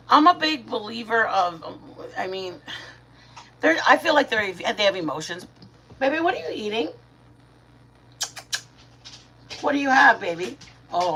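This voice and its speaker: A middle-aged woman from Michigan hosts a casual live stream, chatting warmly and greeting viewers by name. She also talks sweetly to her dogs in a high baby voice.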